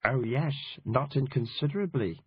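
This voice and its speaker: A man with a husky voice playing a cynical, wry male reporter who swears freely and talks with dry determination. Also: mid-range voice, moderate pace, no echo. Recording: dull lo-fi audiobook recording.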